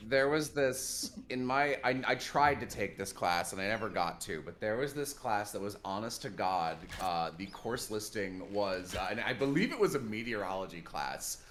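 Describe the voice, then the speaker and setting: Bright-voiced Midwestern guy chatting. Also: lowish voice, moderate pace, hardly any pauses, slight background noise. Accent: slight Midwest American. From Chicago. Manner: rambling, animated storytelling with laughs. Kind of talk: casual chat on a stream.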